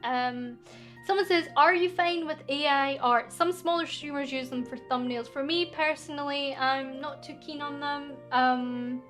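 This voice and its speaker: Young Scottish female streamer, high voice, giggly and chatty, faint background music. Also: steady tone, unhurried, a bit bright. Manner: chatty and giggly, reading chat aloud. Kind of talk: casual chat answering viewer questions. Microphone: studio microphone.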